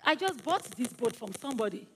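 A woman's voice: on the high side, sing-song, a little fast, slight background noise. A woman playing a blunt shopkeeper. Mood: flat. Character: matter-of-fact shopkeeper.

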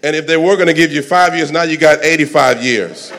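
A man's voice: on the high side, a little fast, slight background noise. Preaching man, fiery and dramatic. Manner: dramatic, swings from soft asides to shouting. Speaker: pastor. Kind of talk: sermon.

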